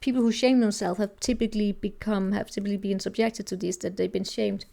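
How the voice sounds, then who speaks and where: A woman's voice: mid-range voice, fairly even intonation, fast talker, gravelly, mellow. A woman giving a casual tarot reading, thinking aloud and rambling with many restarts. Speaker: tarot reader.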